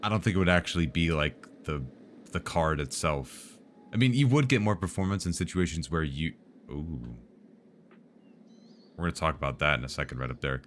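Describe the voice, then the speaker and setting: A man's voice: a bass voice, lively intonation, normal speed, slight background noise. A man streaming live, chatting casually about tech and answering viewers' questions in a rambling, joking way.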